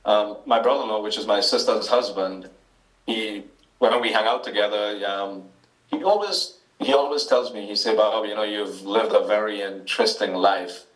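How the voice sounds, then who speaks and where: Man, Trinidadian accent, interview guest, hesitant, lots of ums, lowish voice, echoey room. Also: normal speed, a bit bright, far from the mic. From Trinidad and Tobago. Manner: hesitant, many ums and restarts. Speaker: author, guest. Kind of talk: interview answers.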